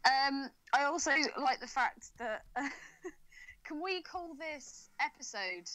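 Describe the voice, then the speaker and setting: A woman's voice: high-pitched, expressive, takes it slowly, fairly bright tone, poor audio. A woman co-hosting a podcast, joking and swearing with lots of laughter. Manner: giggly, sweary, sarcastic. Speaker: podcast co-host. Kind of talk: casual chat.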